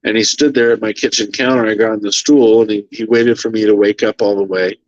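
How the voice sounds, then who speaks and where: A man's voice: on the low side, steady tone, brisk, dry recording, highs cut off. A man telling an emotional story as a podcast guest, earnest and moved, quoting others in his own voice.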